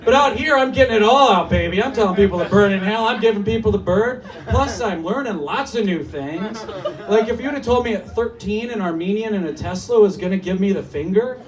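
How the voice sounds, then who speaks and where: A man in his thirties performing a stand-up comedy set in a small cafe, telling stories in a mock-serious, animated way, with laughter behind him. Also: high-pitched, fairly quick. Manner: animated, mock-serious storytelling with put-on voices. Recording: distant mic with noisy room. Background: audience laughter.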